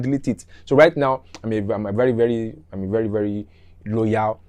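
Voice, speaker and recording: Speaking fast in a fairly low voice, a middle-aged man shares a rambling story about his youth. He gets animated, says things more than once, and performs the scenes with sound effects and asides.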